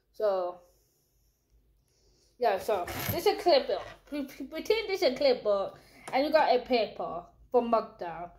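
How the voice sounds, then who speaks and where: A young woman tells a rambling storytime at home through a headphone mic, full of slang and casual cussing. Her voice sits high and swings widely as she talks. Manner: rambling, animated, swears freely, slangy. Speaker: vlogger.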